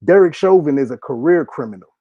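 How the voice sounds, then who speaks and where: A man's voice: a little high, animated, fast talker, no room sound. A man in his thirties delivering heated, profane political commentary, hammering his points with repetition. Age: 30s. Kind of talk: impassioned solo commentary. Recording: dull lo-fi dry recording.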